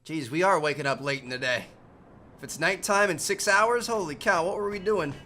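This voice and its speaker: A man's voice: a little high, fairly quick, sharp tone, a little hiss or hum. A man giving upbeat, chatty casual gameplay commentary.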